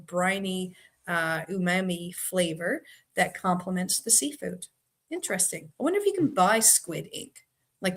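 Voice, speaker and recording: A woman's voice: mid-range voice, fairly bright tone. A woman from Boston with a Boston accent, hosting a trivia live stream in easy, chatty talk and reading viewer comments aloud. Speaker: trivia host. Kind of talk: casual live-stream chat.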